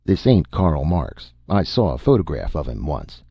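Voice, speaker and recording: Male reader plays easygoing shopkeeper, amused; husky, dry. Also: a bass voice, very animated, moderate pace, dry recording, muffled recording, exaggerated voice. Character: easygoing small-town shopkeeper, a man.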